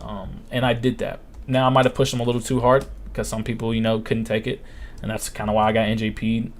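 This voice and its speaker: In his twenties, this livestream host runs a casual Q&A with a lowish, level voice at a quick pace. He tells blunt, profane stories and acts out what other people said.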